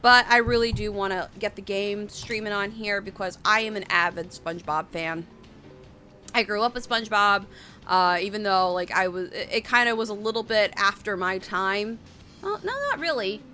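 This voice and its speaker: A woman's voice: mid-range voice, normal speed, bright, forceful tone, soft background music. A woman in her late twenties rambling casually on a live stream, reading out chat messages and answering them. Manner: rambling, chatty, reads chat aloud.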